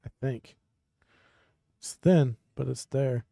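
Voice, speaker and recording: A man with a mellow, darker voice commentates a pool match in an easy, casual way and laughs easily. The sound is dry and close. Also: medium pitch, takes it slowly, gravelly, no echo. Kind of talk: live sports commentary.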